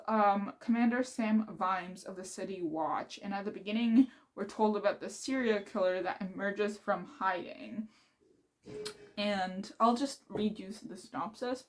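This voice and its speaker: A young woman book vlogger chatting casually and excitedly about her reading, rambling and laughing as she goes. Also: medium pitch, moderate pace. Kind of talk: casual chat.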